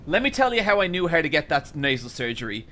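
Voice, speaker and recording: A man quoting a pushy, devout male landlord who speaks calmly and reassuringly in a retold story. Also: fairly high pitch, fast talker, faint music behind, voice pushed down.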